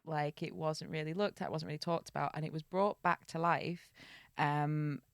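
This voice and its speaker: A woman's voice: low-pitched, steady tone, normal speed, clean tone, no room sound, studio quality. A woman co-hosting a podcast, chatting casually, laughing often and stumbling over hard names while retelling an old tale. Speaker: podcast co-host. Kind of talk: casual chat and storytelling.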